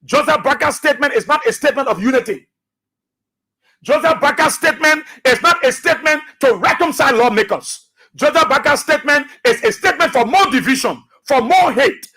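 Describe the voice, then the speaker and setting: A man's voice: very high voice, expressive, a little fast, pushed and bright. A man with a Liberian accent, hosting a radio talk show and delivering a preachy, combative political monologue full of repetition and scripture. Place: radio studio.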